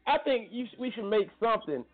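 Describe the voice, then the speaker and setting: Slangy joking male radio host, tinny. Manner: loose, slangy and joking, with quick excited jumps in pitch. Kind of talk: casual morning show banter. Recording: tinny phone-like sound with faint music.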